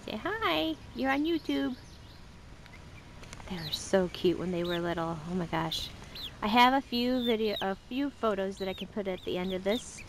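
Woman filming her backyard coop, chatty and easygoing, birds and outdoor noise behind her. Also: a little fast. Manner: chatty, talks to her birds in a high coaxing voice. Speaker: vlogger. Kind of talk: casual show-and-tell vlog. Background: chickens and ducks.

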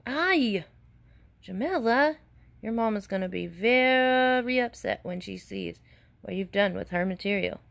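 A woman voicing a scolding adult woman in a children's storybook, raising her pitch. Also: expressive, measured pace, creaky.

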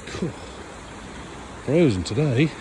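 Out in a frosty field, a man who trains dogs chats with his animals and teases them as they walk, his medium-pitched voice slow but animated. It's relaxed talk to the dogs, recorded outside with noticeable background noise.

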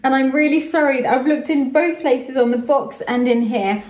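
A woman's voice: high-pitched, normal speed, a little mellow, roomy sound. A woman, hosting a home vlog and gushing over gifts in casual chat. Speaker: vlog host opening gifts. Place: home kitchen.

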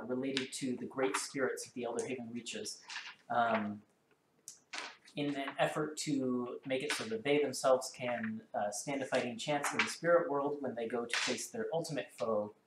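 Guy running a d&d stream, talks fast, ums a lot, echoey room w/ noise behind. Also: medium pitch. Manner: quick, chatty, with many ums and uhs. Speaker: dungeon master. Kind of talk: hosting and narrating a tabletop game stream. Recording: roomy sound with clear background noise.

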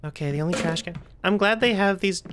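Woman, horror game commentary, fairly low voice, jumpy and chatty, slightly rough throat, faint hiss behind. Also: fast talker. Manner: jumpy, chatty, with frequent fillers and nervous outbursts. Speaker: gaming streamer.

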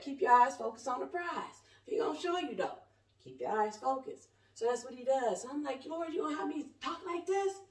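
A high-voiced woman in her 40s, a self-styled prophet, preaches fervently to camera in her home. The room is echoey and the camera is set up at a distance, so her voice sounds far off. She rambles in a colloquial way, moving between shouting and soft asides.

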